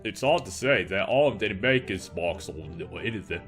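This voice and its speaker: A man's voice: on the low side, expressive, brisk, fairly bright tone, soft background music. A man with a cold voicing an eager young British treasure-hunting friend in a faltering put-on British accent. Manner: upbeat, enthusiastic. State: has a cold.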